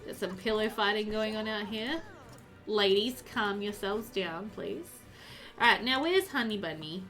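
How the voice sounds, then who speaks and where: Medium-pitched and fairly bright, this woman's voice is expressive and a little slow, with faint music behind her. She's a game streamer casually chatting with viewers as she plays, answering chat with plenty of ums and likes.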